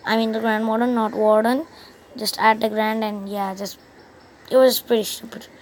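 A woman with a slightly high voice and flat delivery, speaking at normal speed, hosts a casual gaming channel. She rambles through a game session and a cartoon's plot, restarting often and losing track of the story. The low-quality recording has a little hiss or hum.

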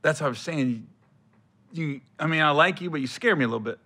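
A male comedian hosting a podcast, telling stories in animated, laughing banter. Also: a little high, fairly quick.

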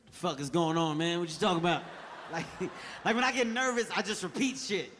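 High, bright-voiced stand-up comedian. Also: male voice, brisk, slight background noise. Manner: animated, acts out dialogue, swearing. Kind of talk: stand-up storytelling. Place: large theater with audience.

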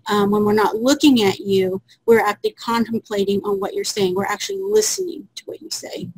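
A woman's voice: a little high, animated, fairly quick, gravelly, breathy edge, no echo, poor audio. A woman on a webinar panel, earnestly explaining meeting customs. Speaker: panelist on Native American etiquette.

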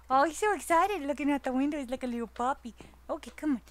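A young woman hosting a casual gameplay commentary video, bubbly and playful, cooing at a pet in a high baby-talk voice. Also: quick pace. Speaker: gaming channel host.

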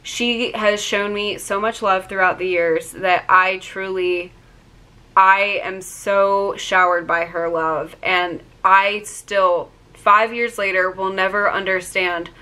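Bubbly young woman gushing excitedly. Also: medium pitch, takes it slowly. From Virginia. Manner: gushing, rambling, many fillers and restarts. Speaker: vlogger. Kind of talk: excited storytelling to camera.

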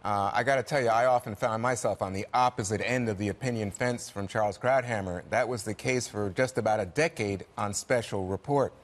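A man's voice: fairly low pitch, fairly quick, hardly any pauses. A man co-hosting a panel talk show, chatting casually and passing questions to the other panelists. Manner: conversational, passes questions to others. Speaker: co-host leading the panel.

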